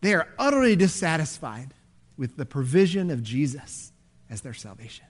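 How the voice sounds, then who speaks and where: A man preaching a sermon as pastor, animated, swinging between loud emphasis and hushed asides. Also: on the high side, normal speed.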